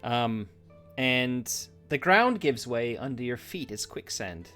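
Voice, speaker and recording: A man's voice: medium pitch, big pitch swings, slow pace, a bit bright, soft background music. A man running a tabletop game as game master, explaining rules with many fillers and restarts.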